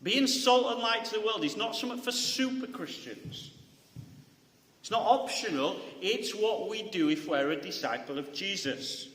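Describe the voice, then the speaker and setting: A man's voice: high-pitched, lively intonation, moderate pace, a bit bright. A man preaching a conversational sermon, often checking in with the congregation by asking "right?" and restarting his phrases. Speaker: pastor. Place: church hall. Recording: echoey hall with long reverb.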